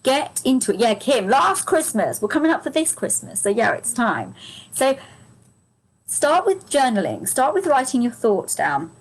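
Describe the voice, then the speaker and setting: A woman's voice: fairly high pitch, big pitch swings, normal speed, husky, low-quality recording. A woman giving a live angel card reading to viewers. She is chatty and gushing, laughs often, talks to viewers by name, and her voice is strained and fading.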